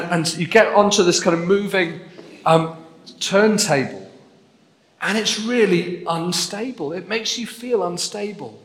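A man's voice: fairly high pitch, lively intonation, slow pace, fairly bright tone. A man preaching a sermon, earnest and building to emphatic repetition. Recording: echoey hall with long reverb.

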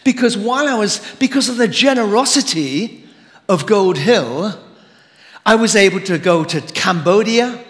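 High-voiced older man preaching in a reverberant hall. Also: animated, a little slow. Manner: warm, rambling, with many asides and fillers. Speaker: guest preacher, former pastor. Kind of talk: sermon. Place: church sanctuary.

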